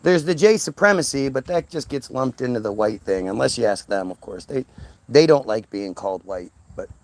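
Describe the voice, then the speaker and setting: A man's voice: mid-range voice, animated, normal speed. A man ranting into the camera in a heated, profane monologue, stammering and repeating words. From United States. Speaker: vlogger.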